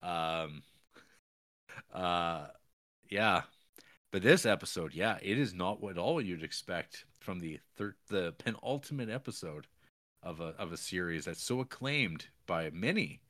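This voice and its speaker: A man co-hosting a podcast, recapping a series in a rambling, animated way with many fillers and squeaky put-on voices for characters. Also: unhurried. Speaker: podcast co-host. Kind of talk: casual film recap chat.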